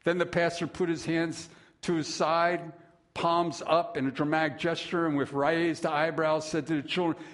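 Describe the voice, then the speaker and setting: A man preaching a sermon, slow and measured, with dramatic pauses and lively storytelling. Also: a little high. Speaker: pastor.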